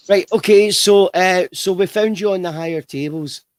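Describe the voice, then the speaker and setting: A man's voice: high voice, a little slow, no echo. A man hosting a livestream interview, chatty and rambling, with frequent restarts. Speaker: host.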